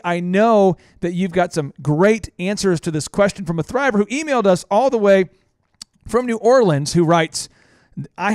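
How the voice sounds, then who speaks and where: A man's voice: sits high, a little mellow, dry recording. A man hosting a casual radio talk show, jokey and emphatic, in a dry studio. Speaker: host.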